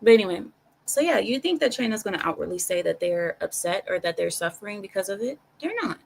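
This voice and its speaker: Speaking fast in a creaky voice of ordinary middle pitch, a woman talks through her opinions on a casual live stream. She's animated, addresses her viewers directly, and repeats phrases to press her point, over slight background noise and poor audio.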